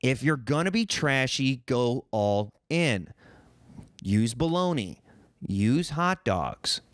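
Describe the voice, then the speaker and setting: A man's voice: mid-range voice, very animated, takes it slowly, a bit bright, dry recording, clean studio sound. A man from Missouri hosting a solo podcast, rambling and joking with a profane, self-mocking streak. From Missouri, United States. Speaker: podcast host.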